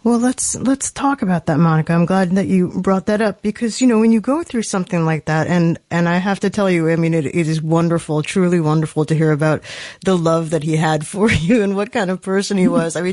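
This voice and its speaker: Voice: medium pitch, a little fast, a little mellow, no room sound. An interview host asking long, earnest questions with frequent restarts. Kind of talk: conversational interviewing.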